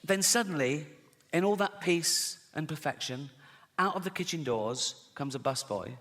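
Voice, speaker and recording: This English stand-up in his sixties has a fairly high, animated, slightly bright voice at a moderate pace. Before a large theater audience, he spins conversational stories punctuated by "right?", with laughter and long hall reverb on the live recording.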